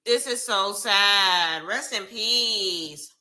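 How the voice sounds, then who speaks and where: Young woman, live reaction streamer, animated, casual slang, very bright tone. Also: medium pitch, drawn-out words, poor audio. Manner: animated, exclaiming, casual slang addressing viewers.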